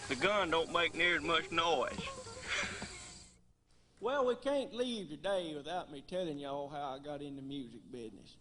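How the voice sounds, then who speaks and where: A man with a thick West Tennessee drawl, telling homespun jokes and stories on stage with a deadpan delivery. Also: fairly high pitch, moderate pace, noisy background. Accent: West Tennessee Southern drawl. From Gleason, Tennessee. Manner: homespun, deadpan one-liners. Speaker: banjo player and comedian. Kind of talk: folksy stand-up storytelling on stage. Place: concert stage.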